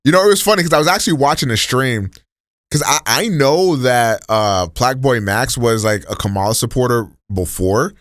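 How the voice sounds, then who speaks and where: A man's voice: mid-range voice, moderate pace, fairly bright tone, no room sound. A man talks loosely to his live chat in a mid-range voice, dropping swear words and slang as he rambles between thoughts. The sound is dry and close, with no room around it. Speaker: streamer. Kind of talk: casual live-stream reaction chat.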